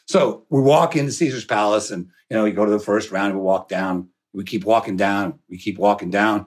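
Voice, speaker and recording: A middle-aged man telling a long anecdote with lively energy, swearing and laughing as he goes. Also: on the low side, fairly quick, few pauses. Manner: animated, swearing, laughing storyteller. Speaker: podcast guest. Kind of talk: storytelling anecdote.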